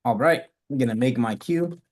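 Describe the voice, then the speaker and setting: A man's voice: medium pitch, moderate pace, darkish tone. A man teaching a live coding lesson, talking through his code step by step and correcting himself as he goes. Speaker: coding instructor.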